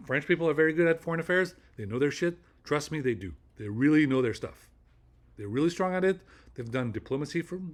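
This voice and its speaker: Male vlogger, slightly high voice, loose rambling delivery, heavy on fillers and repeats. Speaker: channel host. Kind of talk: casual vlog monologue.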